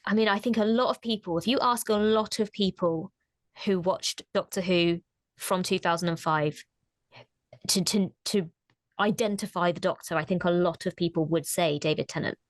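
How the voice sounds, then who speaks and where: A woman's voice: fairly low pitch, steady tone, moderate pace, dry recording, clean studio sound. A woman co-hosting a casual discussion, who talks thoughtfully and often restarts her sentences. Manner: thoughtful, hesitant, many restarts. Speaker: co-host.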